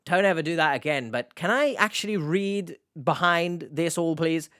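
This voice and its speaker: A man riffs through a casual reaction commentary with a sarcastic, mocking edge. His voice sits a little high and comes across smooth and clean. The sound is close and dry, with no room around it. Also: expressive, normal speed, bright, forceful tone, dry recording. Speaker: online reaction host.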